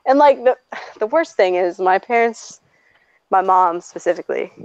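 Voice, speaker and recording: A woman's voice: mid-range voice, lively intonation, moderate pace, a little mellow, clean tone, no room sound. A woman in her twenties chatting casually and telling personal stories, blunt and profane, often laughing as she talks. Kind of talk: casual chat, personal storytelling. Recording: slightly dull, dry recording.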